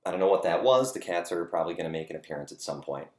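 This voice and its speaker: Home vlog host, male, deep voice, loose and self-deprecating, roomy echo. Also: animated, rapid-fire, darkish tone. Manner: rambling, self-deprecating, lots of "uh" fillers. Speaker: host of a home video series. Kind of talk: casual chat to camera. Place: dining nook at home.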